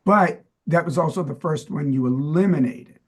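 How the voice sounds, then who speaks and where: A man's voice: on the high side, moderate pace, breathy edge. A man with a New York accent, co-hosting a casual chat and quizzing his partner in a playful, chatty way. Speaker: podcast co-host.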